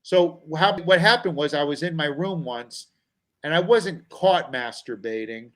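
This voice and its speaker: A middle-aged man on a talk show, spinning a personal story with an animated delivery. His voice sits a bit high, and he slips into other people's voices when he quotes them. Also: a little slow, low-quality recording. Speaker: comedian guest.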